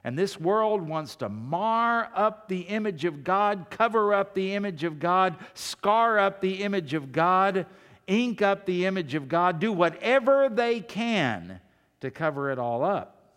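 A male pastor preaches a sermon in a voice that sits a little high for a man, smooth and at a measured pace with lively intonation. He's emphatic, pressing points with loud declarations before dropping into quiet asides to the congregation. A long reverb suggests a large hall.

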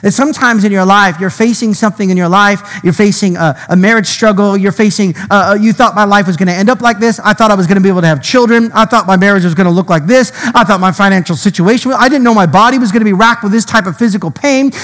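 Male pastor, high voice, dramatic sermon, rises loud and drops to a hush, long hall reverb. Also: fast, few pauses. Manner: dramatic, swings between loud and hushed.

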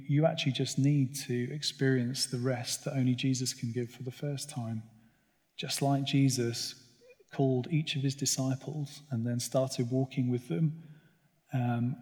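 A man's voice: medium pitch, a little mellow. A man giving an earnest, personal sermon talk in a conversational way at a church gathering. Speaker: church speaker. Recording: long reverb of a large hall.

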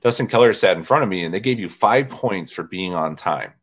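A man's voice: deep voice, expressive, fairly quick. A man from northern Indiana in his thirties, chatting casually as host and telling stories with frequent laughs. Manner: storytelling, laughs often, mimics people in quotes. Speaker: podcast host. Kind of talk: casual chat.

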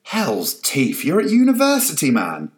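Man voicing a wife, middle-aged, sharp-tongued, shrill, scolding, storybook reading. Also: huge pitch swings, measured pace, full character voice. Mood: exasperated.

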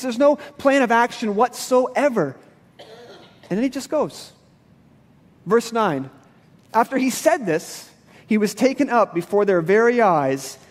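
A man's voice: very high-pitched, long reverb tail. A male pastor giving a sermon in a church, casual and conversational with everyday slang. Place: church sanctuary.

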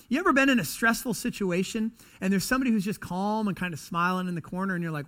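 A man's voice: high voice, quick pace, hardly any pauses. A man preaching a casual, conversational sermon as pastor, often acting out other people's voices. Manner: conversational, animated, acts out quoted voices.

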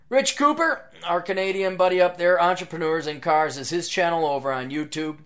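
A man hosting his own podcast in a casual, sarcastic, rambling monologue, reading out plugs and jumping between loud bursts and mutters. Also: high voice, brisk, hardly any pauses. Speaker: podcast host.

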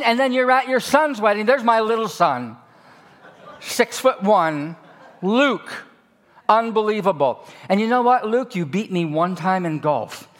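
A man in his sixties preaching a sermon with personal stories, folksy and joking with emphatic delivery. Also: sits high.

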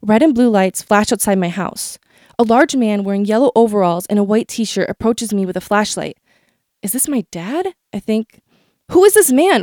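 A woman's voice: a little high, warm tone, dry recording, clean studio sound. A woman telling a personal story from her childhood in a vivid, dramatic way.

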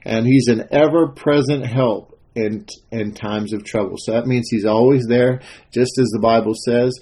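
A man's voice: mid-range voice, steady tone, normal speed, dark tone, husky. A man giving an informal devotional talk as a minister, telling a story with many fillers and restarts. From Texas.

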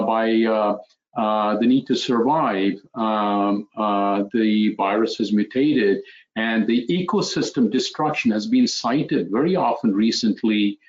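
A man, a physician, speaking reflectively in an interview, with many pauses and fillers as he tells stories. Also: lowish voice, muffled recording. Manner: hesitant, many fillers, storytelling. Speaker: physician guest.

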